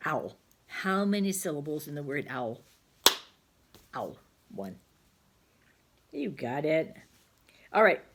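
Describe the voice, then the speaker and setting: A woman teaching a phonics lesson to young children, patiently sounding out words aloud. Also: low voice.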